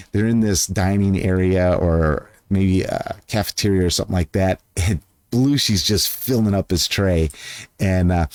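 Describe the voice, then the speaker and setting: Low-voiced man, earnest rambling vlogger, dry close sound, outdoors. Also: a little mellow, dry recording. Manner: earnest, rambling, loses his train of thought. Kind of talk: casual chat to camera.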